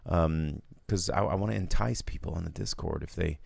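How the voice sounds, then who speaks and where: A man's voice: sits low, moderate pace, gravelly, darkish tone, husky, no room sound. A man hosting a casual movie podcast, rambling and sarcastic as he talks through box office numbers. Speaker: podcast host.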